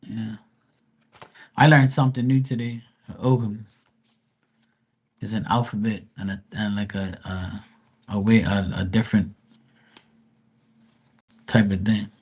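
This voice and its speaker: A man's voice: lowish voice, fairly even intonation, unhurried, pauses often, darkish tone, slightly rough. A man giving a casual live tarot reading, reading card text aloud and chatting loosely with plenty of fillers. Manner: casual, rambling with many fillers. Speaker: tarot reader.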